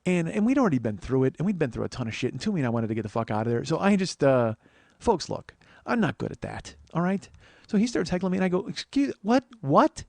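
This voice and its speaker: Male podcast host, rapid and animated, slightly raised pitch, dry close mic, swears a lot. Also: vocal fry, dry recording. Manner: profane, animated, acts out quotes. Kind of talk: solo storytelling monologue.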